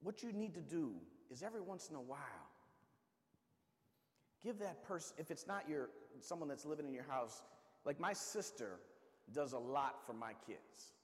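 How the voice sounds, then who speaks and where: A man's voice: a little high, lively intonation, moderate pace, big-room sound. A man preaching a sermon, emphatic and repetitive, calling out to the congregation.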